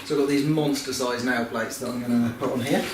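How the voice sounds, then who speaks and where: A man's voice: medium pitch, steady tone, fast talker. Practical man narrating a bathroom build. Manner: plain, practical, chatty with fillers. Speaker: woodworking vlogger. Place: house under renovation, indoors. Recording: echoey room with noise.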